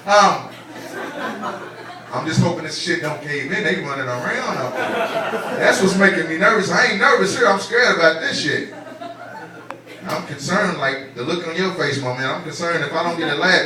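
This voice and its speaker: Man, stand-up comic, high voice, profane, streetwise, distant echoey club recording, crowd laughing. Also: a little fast. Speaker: stand-up comedian. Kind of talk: stand-up comedy set. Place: comedy club stage. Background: audience laughing.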